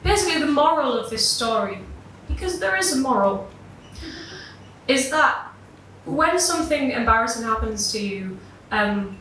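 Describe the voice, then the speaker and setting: A woman's voice: a little high, lively intonation, normal speed, fairly bright tone, slight background noise. A young woman telling a personal story live at a gig, self-deprecating and swearing casually, laughing through her lines. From Britain. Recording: echoey room, voice from far off.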